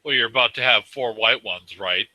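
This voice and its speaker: A man's voice: mid-range voice, normal speed, bright, forceful tone, dry recording, low-quality recording. A man in casual chat, reacting with sympathy and jokes and asking curious questions.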